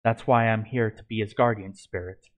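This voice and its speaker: A man voicing the wise oldest male wolf spirit, a guardian, in a storybook reading, speaking in a measured, reassuring way. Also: fairly low pitch, fairly even intonation, phone-quality sound, lightly acted.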